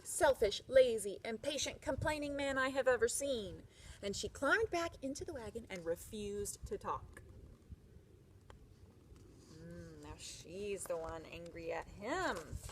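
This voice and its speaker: A woman reading a picture book aloud to children, expressive, with chatty asides. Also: mid-range voice, slight background noise.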